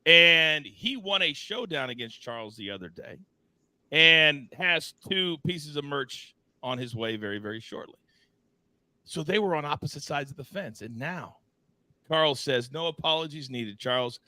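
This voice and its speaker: A man hosting a live sports betting show, teasing his co-hosts and reading chat in a playful, animated way. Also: fairly high pitch, moderate pace, dry recording. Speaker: host.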